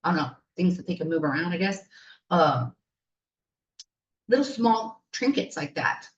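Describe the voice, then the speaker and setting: A woman's voice: on the low side, lively intonation, a little slow, lo-fi sound. Chatty woman coach, roomy distant sound. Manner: chatty, enthusiastic, rambling. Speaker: spiritual coach and teacher. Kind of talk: casual podcast storytelling.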